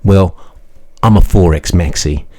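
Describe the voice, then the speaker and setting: A rambling crypto financial advisor, put on by a man, pitched higher than his usual voice. He keeps hedging every claim and cannot commit to anything. The voice underneath stays warm and mellow. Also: unhurried. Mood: hedging hype. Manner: hedging, repeats "don't quote me on that".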